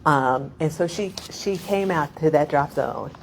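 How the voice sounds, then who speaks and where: Middle-aged woman, deep voice, chatty digressive storyteller at a reading, quick to laugh. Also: vocal fry, a little hiss or hum, poor audio. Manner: rambling, laughing, many "like" fillers. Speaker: poet.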